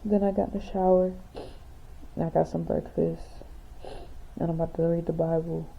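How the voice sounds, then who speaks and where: A young woman speaks softly in a casual video diary, her voice low and drowsy. Her tone stays flat and even. The sound is tinny and phone-like, with a faint hiss underneath. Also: normal speed, gravelly. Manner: soft-spoken, quiet and sleepy. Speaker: vlogger. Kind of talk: casual video diary, reading her own letter aloud.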